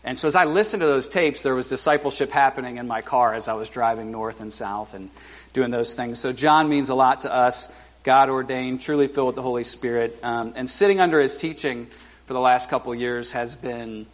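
Halting, chatty man preaching in church. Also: medium pitch. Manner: conversational, halting with many fillers, self-deprecating humor. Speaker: guest preacher. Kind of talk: informal sermon. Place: church service before a congregation.

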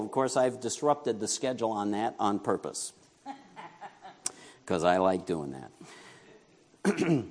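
A man from New York preaching a sermon as pastor, talking conversationally, asking the congregation questions and joking with them. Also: medium pitch.

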